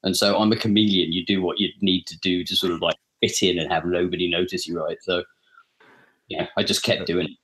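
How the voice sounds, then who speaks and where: A man's voice: low-pitched, steady tone, a little fast, fairly bright tone. A man with a trained British received pronunciation accent, chatting casually as a guest about his acting work in a self-deprecating way. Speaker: guest voice actor. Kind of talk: casual chat.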